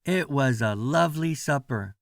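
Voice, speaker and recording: A man reading a children's storybook aloud as a bedtime story, slow and sing-song with lots of expression. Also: mid-range voice, animated, creaky, no echo, studio quality.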